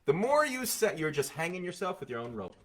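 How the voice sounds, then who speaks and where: A man appearing as a guest on a comedy podcast, riffing quickly in casual chat and acting out quotes as he goes. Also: sits high, big pitch swings, a bit bright.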